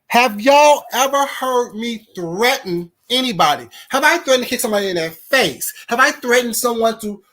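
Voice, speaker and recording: A woman's voice: fairly high pitch, lively intonation, moderate pace, hardly any pauses, fairly bright tone. A woman hosting a live stream, indignantly firing rhetorical questions at her viewers and a caller. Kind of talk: heated live-stream rant.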